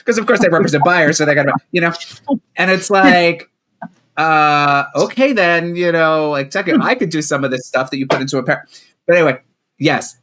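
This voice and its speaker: A man's voice: fairly high pitch, fairly quick, a bit bright. A middle-aged man, a coach appearing as a podcast guest, speaking conversationally with joking asides. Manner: conversational, self-deprecating asides. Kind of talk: casual chat.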